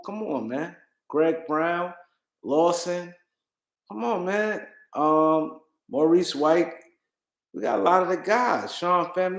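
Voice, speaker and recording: A man's voice: fairly high pitch, reverberant, poor audio. A tired man hosting a casual livestream, rambling and repeating himself as he talks to his chat. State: tired, yawning. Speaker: livestream host.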